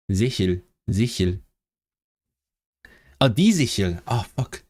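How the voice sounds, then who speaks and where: A man's voice: fairly low pitch, slow pace, long pauses, darkish tone. A man chatting casually on a live stream, thinking aloud and eagerly sounding out foreign words. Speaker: language-learning streamer.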